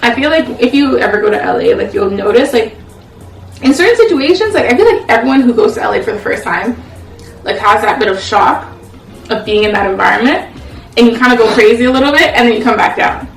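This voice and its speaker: Chatty woman with vocal fry. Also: on the high side, expressive, quick pace, faint music behind. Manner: chatty, full of "like" fillers. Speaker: co-host of a couple's channel. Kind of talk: casual relationship chat over a meal. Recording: echoey room, mic at a distance.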